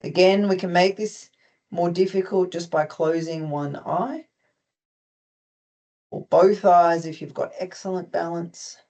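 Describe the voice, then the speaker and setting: Australian accent, calm movement instructor, step-by-step stretching cues, light humor. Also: mid-range voice, a little slow. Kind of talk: guided stretching class.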